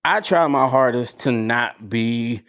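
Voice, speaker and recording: A man's voice: mid-range voice, takes it slowly, a bit bright. A man co-hosting a podcast, chatting casually and laughing often. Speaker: podcast co-host. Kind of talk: casual chat.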